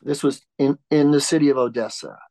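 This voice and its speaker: A man's voice: mid-range voice, brisk, gravelly, mellow, dry recording. An older man telling family history in a conversational interview, reflective, with frequent restarts. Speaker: author and interview guest.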